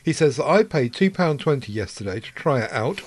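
A man's voice: medium pitch, very animated. A man from North Wales co-hosting a podcast, chatting easily with frequent restarts as he reads listener messages. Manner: easygoing, halting restarts. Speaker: podcast co-host. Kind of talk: casual chat reading listener mail.

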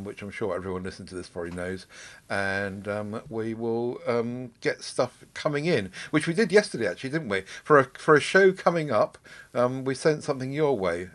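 A man's voice: medium pitch, fairly bright tone. A man co-hosting a casual podcast chat, rambling and self-mocking as he wakes up. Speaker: podcast co-host.

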